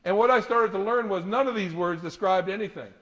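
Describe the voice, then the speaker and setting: Animated man telling stories on stage. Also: high-pitched, a little fast, muffled recording. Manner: animated storytelling with laughter. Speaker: motivational speaker. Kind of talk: live talk to an audience.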